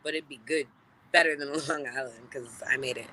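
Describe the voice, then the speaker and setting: A woman in her thirties, a guest telling stories in a casual, profane way and acting out quoted lines in loud, high voices. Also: fairly quick. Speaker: celebrity guest. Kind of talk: casual storytelling chat.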